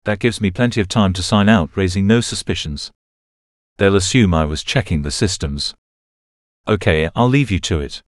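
A male narrator voicing a brisk archive staffer who gives clear, instructive directions. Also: low voice, dry recording, studio quality, natural voice.

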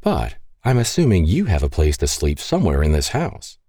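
A tender young bride-to-be who teases and pleads in a soft, husky voice, as a male narrator puts her on. The voice sits higher than his very deep natural register but keeps its dark, mellow color. The sound is dry and close. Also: wildly swooping pitch, moderate pace, no room sound, heavily acted. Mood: teasing. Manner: soft, teasing, gently pleading.

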